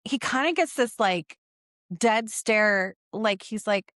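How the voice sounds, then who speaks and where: A woman co-hosting a casual spiritual podcast, telling stories in an animated way and acting out the quotes. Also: mid-range voice, slow pace, no echo, studio quality. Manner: animated storyteller, acts out quotes, laughs often. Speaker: podcast co-host.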